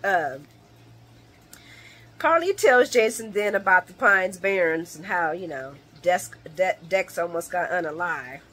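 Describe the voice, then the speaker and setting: A woman hosting a casual late-night soap opera recap vlog, animated and laughing often as she acts out characters' lines. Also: fairly low pitch, unhurried.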